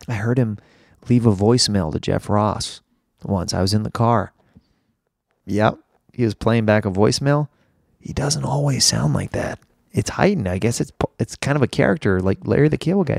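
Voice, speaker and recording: Hoarse, rambling comedy podcast host. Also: male voice, medium pitch, animated, moderate pace, long pauses, dry recording, studio quality. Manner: rambling, jokey and self-deprecating. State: hoarse with laryngitis.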